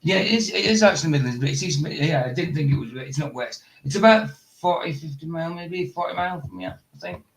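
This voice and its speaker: A man with a Scottish accent chatting casually, loud and blunt, laughing often. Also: a little high, lively intonation, quick pace, gravelly, few pauses, poor audio. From Scotland. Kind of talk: casual chat.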